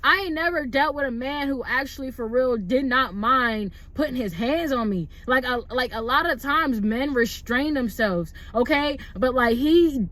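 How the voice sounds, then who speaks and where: High-voiced woman rambling through a story. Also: normal speed, hardly any pauses. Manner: rambling, animated, lots of "like" and "bro". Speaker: vlogger. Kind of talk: casual storytime.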